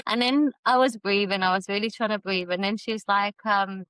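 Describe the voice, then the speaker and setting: A woman's voice: medium pitch, moderate pace, hardly any pauses, clear, resonant tone, no room sound, low-quality recording. Woman, podcast guest, chatty storytelling, frequent laughs, dry close sound. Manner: chatty, laughs often, animated retelling. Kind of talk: casual storytelling conversation.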